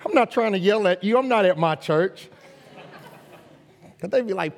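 A man preaching a sermon as a guest pastor, emphatic and calling for responses from the congregation, rising to loud exhortation. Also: very high-pitched, lively intonation, moderate pace. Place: church sanctuary. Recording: long reverb of a large hall.

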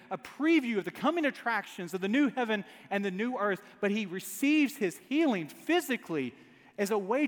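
A man delivers a sermon with a high, expressive voice that swings up and down. He preaches with an emphatic, repeating rhythm, and a long hall reverb trails behind each phrase. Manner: emphatic, repetitive preaching cadence. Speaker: pastor.

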